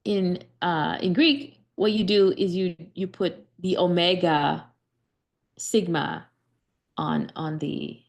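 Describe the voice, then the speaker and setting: Teaching Greek grammar live, a woman talks slowly in a lowish voice with vocal fry. She explains one step at a time, keeps checking "right?", and often restarts.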